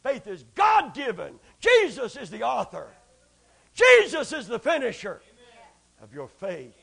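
A man delivers a fervent sermon, one moment shouting and whooping, the next dropping to a hush. His voice sits unusually high and has a rough, gravelly edge. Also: wildly swooping pitch, measured pace. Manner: swings from shouting to hushed, whooping. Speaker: preacher.

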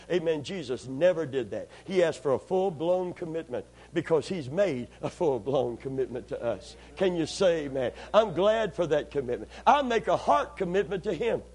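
A man preaching a sermon, calling for amens, swinging from steady teaching into impassioned shouting. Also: on the high side, moderate pace, few pauses, breathy edge. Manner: call-and-response, rising to impassioned shouting.

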